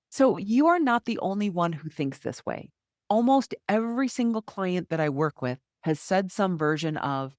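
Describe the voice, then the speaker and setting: A woman's voice: lowish voice, big pitch swings, moderate pace, no echo, studio quality. A middle-aged woman hosting a solo podcast as a health coach, talking candidly and conversationally, often acting out inner thoughts.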